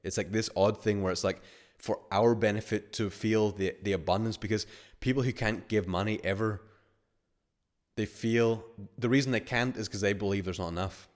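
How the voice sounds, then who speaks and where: Lowish-voiced guy coaching a webinar, rambly, lots of like, acts stuff out. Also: fairly even intonation, moderate pace. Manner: rambling, filler-heavy, acts out little scenarios. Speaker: webinar host and money-mindset coach. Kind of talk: casual webinar teaching.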